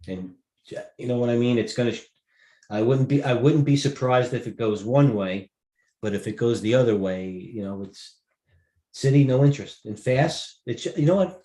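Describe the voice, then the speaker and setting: A man's voice: lowish voice, a little mellow, roomy sound. Rambling man hosting a live trading stream. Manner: rambling, offhand, trails off mid-sentence. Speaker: stock market host.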